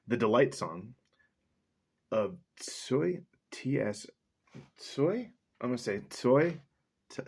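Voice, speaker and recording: A man's voice: medium pitch, big pitch swings, slow pace, long pauses, breathy edge. A man chatting casually on camera, joking around between reading poems aloud. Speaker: vlogger reading poetry aloud. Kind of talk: casual chat and poetry reading.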